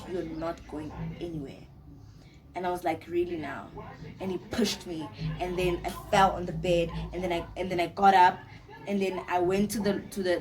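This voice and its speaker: A young woman, telling a personal story to camera in a casual, animated way, often repeating herself. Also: fairly low pitch. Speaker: storytime vlogger.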